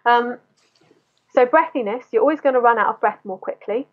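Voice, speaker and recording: Speaking a little fast in a fairly high voice, a woman vocal coach explains singing technique during an interview. Her teaching style includes short sung demonstrations, and the recording has a tinny, phone-like quality.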